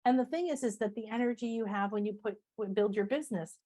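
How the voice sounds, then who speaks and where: Quick and medium-pitched, this woman is a spiritual teacher and author appearing as a guest in a relaxed interview. Emphatic and lively, she repeats phrases and performs the inner voices and self-talk of others.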